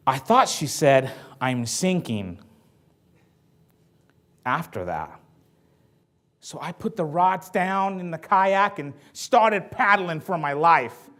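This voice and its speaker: A man giving a motivational talk to an audience, telling stories in a lively, jokey way. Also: fairly high pitch, slow pace. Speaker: motivational speaker.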